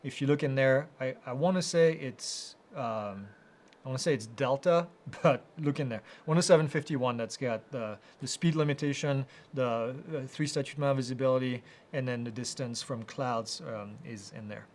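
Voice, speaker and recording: A man hosting a live Q&A, reading out viewer questions and answering them in a casual, halting way with many fillers. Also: mid-range voice, a little mellow. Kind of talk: live Q&A chat.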